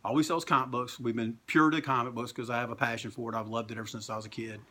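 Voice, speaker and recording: A middle-aged man, a comic book store owner, telling stories in a casual interview, animated and swearing freely. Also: mid-range voice, racing.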